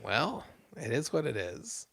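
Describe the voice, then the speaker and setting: A man co-hosting a casual podcast, loud, crude and joking. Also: medium pitch, huge pitch swings, measured pace, gravelly, no echo, clean studio sound. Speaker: podcast co-host. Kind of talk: casual chat.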